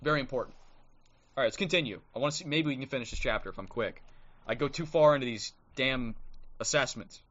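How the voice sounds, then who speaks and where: Fast and a bit bright, a mid-range male voice comes through a muffled recording on a streaming microphone. He's a livestream host whose blunt, combative commentary often ends in "okay?", and he moves on to reading from a book.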